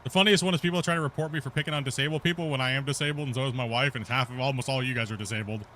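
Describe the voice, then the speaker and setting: A man's voice: medium pitch, steady tone, racing, a bit bright. Man, stream host, casual banter, laughs a lot, voice chat mic, light background noise. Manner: joking, laughs often.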